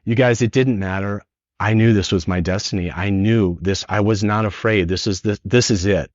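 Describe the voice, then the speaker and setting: A middle-aged man from San Francisco, a podcast guest, telling a personal story in an earnest, animated way. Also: lowish voice, normal speed, dry recording. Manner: earnest, animated retelling with acted quotes. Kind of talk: emotional storytelling. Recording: dull lo-fi dry podcast audio.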